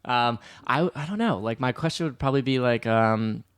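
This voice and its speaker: A man's voice: medium pitch, lively intonation, normal speed, fairly bright tone, clear, resonant tone, no echo, studio quality. A man on a podcast as a guest, answering hesitantly in short replies. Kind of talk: casual chat.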